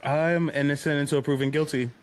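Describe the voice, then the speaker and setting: A man's voice: fairly high pitch, a little fast, noisy background. A young man guesting on a podcast, telling jokey stories with lots of laughter. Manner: animated storyteller, laughs often, jokey. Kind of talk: casual chat.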